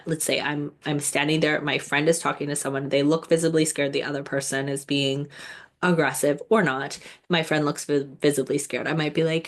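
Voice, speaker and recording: A woman speaking gently and reflectively, with many fillers and restarts. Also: deep voice, fairly even intonation, moderate pace. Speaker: wellness speaker. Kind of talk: casual reflective talk.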